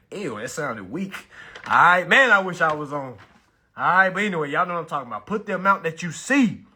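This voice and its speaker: A man hosts a hyped social-media livestream class about bills, pumping up viewers, repeating phrases and urging them to comment. His voice is on the high side, sing-song and slightly rough, and he drops to slow, hushed, deliberate talk to stress key points.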